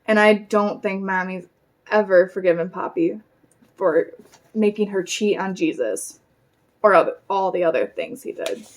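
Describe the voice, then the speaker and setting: Brief: woman, mid-pitched, plain unhurried read-aloud of a novel, the odd slip. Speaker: reader.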